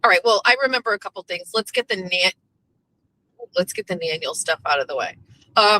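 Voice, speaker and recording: A woman hosts a loose morning talk show. Her tone is bright and a little sharp, and her pitch sits in an ordinary middle range. She chats on and on in a lively way and swears casually. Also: a little fast, low-quality recording. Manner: chatty, swears casually, animated storytelling. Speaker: show host.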